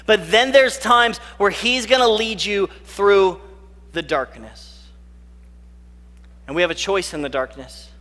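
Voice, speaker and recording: High, bright-voiced male preacher in a reverberant hall. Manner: earnest, slows right down on key phrases. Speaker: pastor. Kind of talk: sermon.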